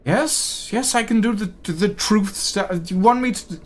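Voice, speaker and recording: A man's voice: high voice, normal speed, pitched above the performer's own voice. A man voicing a weary, grumpy male elf cleric and scribe who complains with exasperation. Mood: exasperated.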